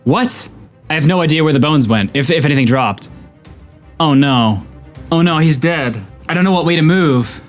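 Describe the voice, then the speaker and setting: Excitable young guy streaming a game, bouncy animated voice, quiet music behind. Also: fairly high pitch, moderate pace. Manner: excitable, talks to chat, swings between tense pleading and loud cheering. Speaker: gaming streamer. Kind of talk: live gameplay commentary.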